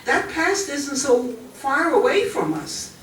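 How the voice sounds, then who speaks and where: An older woman with a German accent addresses a college audience in a chatty manner, often pausing with fillers. Her voice sits fairly high. It reaches the mic from a distance across a large echoey hall with faint background noise. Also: big pitch swings. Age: 80s. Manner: warm, chatty, pauses with fillers. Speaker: guest speaker.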